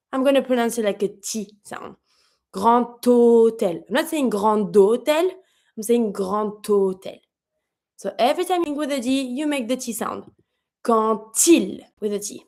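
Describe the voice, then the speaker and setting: A woman, a native French speaker, teaching a pronunciation lesson in English, repeating example words slowly and patiently. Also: on the high side. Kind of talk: language lesson explaining pronunciation.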